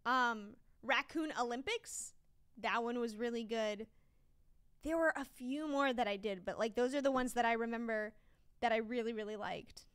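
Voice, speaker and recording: A woman co-hosting a podcast in casual chat, chatty and quick to laugh, with lots of fillers. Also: a little high, fairly bright tone, clear, resonant tone. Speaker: podcast co-host.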